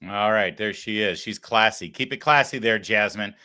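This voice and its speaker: A man's voice: lowish voice, normal speed, pushed and bright, clean tone. Sarcastic male talk show host. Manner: sarcastic, mocking, conversational. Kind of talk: live political commentary show.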